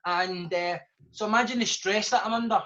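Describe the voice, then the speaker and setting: A man's voice: high-pitched, normal speed, pushed and bright. Scottish man explaining passionately, lo-fi. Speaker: guest author. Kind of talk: live podcast discussion. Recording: dull lo-fi sound.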